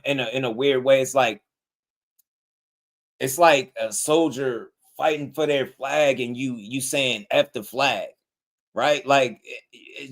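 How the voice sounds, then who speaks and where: A man hosting a live boxing talk stream, ranting in a rambling, heated way with many repeated words. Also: medium pitch. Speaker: boxing talk show host. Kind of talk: casual livestream commentary.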